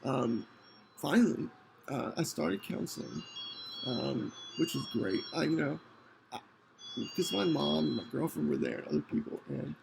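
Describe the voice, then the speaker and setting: A man hosting a podcast, telling a personal story in an earnest, halting way with many restarts. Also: a little high, sing-song, vocal fry, background noise. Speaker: podcast host.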